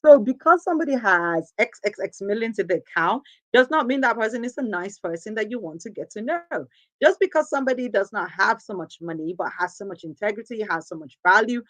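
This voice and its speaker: A woman's voice: medium pitch, animated, fairly quick, fairly bright tone, dry recording. Nigerian woman giving a pep talk, earnest and emphatic, dry close sound. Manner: earnest, emphatic, repeats phrases for stress. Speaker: host. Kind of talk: motivational talk.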